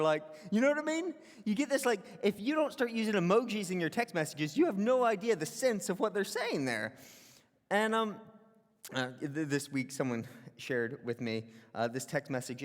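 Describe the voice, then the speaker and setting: High-voiced pastor in a reverberant hall. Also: male voice. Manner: conversational, animated, acts out quoted voices. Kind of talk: sermon. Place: church hall. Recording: church hall with long reverb.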